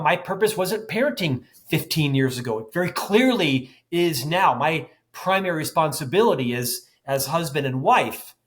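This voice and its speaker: Intense animated man in his fifties. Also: fairly high pitch. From United States. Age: 50s. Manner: intense, animated, self-deprecating. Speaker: guest. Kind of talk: podcast interview.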